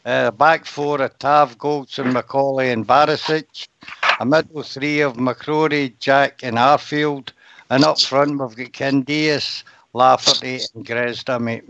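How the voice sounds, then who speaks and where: A man co-hosting a fan radio show, relaxed and matter-of-fact. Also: medium pitch, unhurried, vocal fry. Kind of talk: casual radio chat. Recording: dry muffled stream audio.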